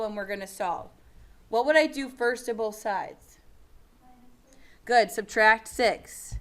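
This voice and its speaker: Relaxed woman teacher, a bit high. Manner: encouraging, patient, casual. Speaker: math teacher. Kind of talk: classroom lesson.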